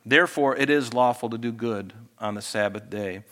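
At a moderate pace and in a mid-range voice, a pastor preaches a sermon that shifts between quiet, intimate asides and raised, emphatic passages.

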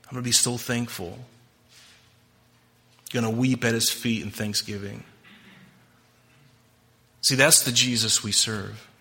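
Guy preaching a sermon, bright forceful voice, really emphatic, talks right at the congregation. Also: mid-range voice, steady tone, a little slow, vocal fry, long pauses. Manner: emphatic, impassioned preaching, directly addressing the congregation. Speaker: pastor.

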